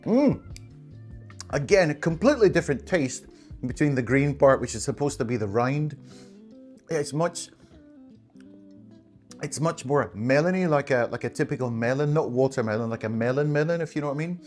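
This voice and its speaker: Guy doing a chatty taste-test review, upbeat and laughing a lot, normal middle pitch. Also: lively intonation, moderate pace, pauses often, darkish tone, faint music behind. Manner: enthusiastic, chatty, laughs often. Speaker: food vlogger.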